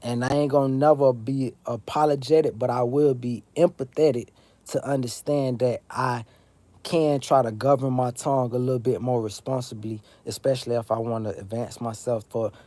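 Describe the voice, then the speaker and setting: A South Florida man hosts a casual livestream, rambling, swearing, and answering viewers straight in chat. His medium-pitched voice is warm and fairly even in intonation, delivered at normal speed with no echo.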